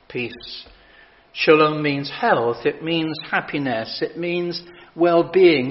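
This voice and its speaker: Slow, measured male preacher. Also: a little high. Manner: measured, emphatic scripture reading with dramatic pauses. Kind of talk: sermon. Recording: dull lo-fi sound.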